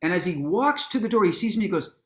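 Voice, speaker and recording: A man with a somewhat high voice tells a story at a live onstage talk. He is casual and swears freely. He acts out quotes with sudden leaps in pitch and often restarts his sentences. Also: animated, fast talker. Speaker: guest, musician and author.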